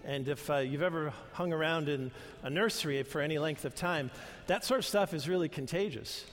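Older male pastor, earnest and chatty in the pulpit, higher-pitched, recorded with a long reverb in a church hall. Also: fairly quick. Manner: conversational, earnest, with restarts and asides. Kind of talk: sermon.

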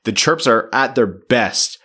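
A man's voice: mid-range voice, slow, bright, forceful tone, husky. A man hosting a hockey podcast, chatting casually and joking, also reading a sponsor segment. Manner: joking, easygoing. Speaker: podcast host. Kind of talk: casual chat and sponsor read.

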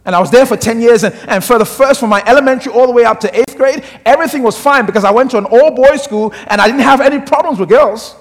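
A middle-aged man from Africa, a pastor preaching a sermon with humorous, animated storytelling. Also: very high-pitched, quick pace, hardly any pauses. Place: church sanctuary. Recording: long church hall reverb.

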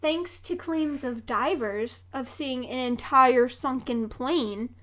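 A woman's voice: high voice, slow pace, a bit bright. A woman co-hosting a podcast in casual chat, telling a story with frequent giggles. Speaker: podcast co-host.

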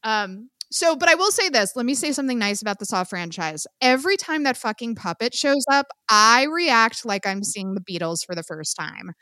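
A woman co-hosting a podcast in casual chat, animated, swearing freely and laughing often. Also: on the high side, normal speed, few pauses, no room sound, clean studio sound. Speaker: podcast co-host.

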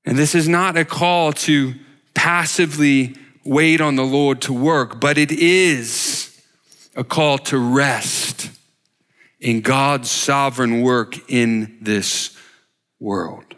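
Slow emphatic preacher in a reverberant hall. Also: male voice, medium pitch, a bit bright. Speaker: worship leader giving a short sermon. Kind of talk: sermon. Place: church sanctuary.

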